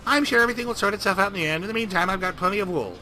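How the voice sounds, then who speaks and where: A man's voice: high-pitched, racing, music in the background, pitched above the performer's own voice, natural voice. A man voicing a prim, fussy middle-aged mother who knits on a train. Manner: prissy, indignant, gushing.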